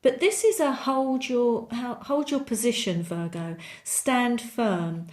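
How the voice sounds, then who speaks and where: A woman's voice: a little high, slow pace, darkish tone. A woman giving a monthly tarot reading, chatty and encouraging, repeating words for emphasis. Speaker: tarot reader.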